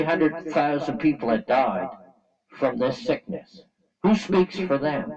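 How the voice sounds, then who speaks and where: A man's voice: a little high, lively intonation, slow, a little mellow, far from the mic, lo-fi sound. A man from Canada giving a blunt, angry opinion rant to camera, talking in a colloquial, repetitive way. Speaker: vlogger.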